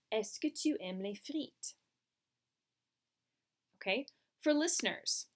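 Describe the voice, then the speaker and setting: A woman teaching a French lesson, explaining patiently step by step over slides. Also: medium pitch. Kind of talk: recorded classroom lesson.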